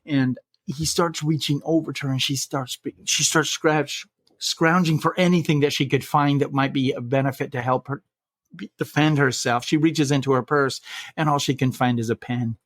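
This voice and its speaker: A man hosting a podcast, telling a scary bedtime story in a measured way, slowing down for suspense. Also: medium pitch, steady tone, no echo. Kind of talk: spooky bedtime story narration.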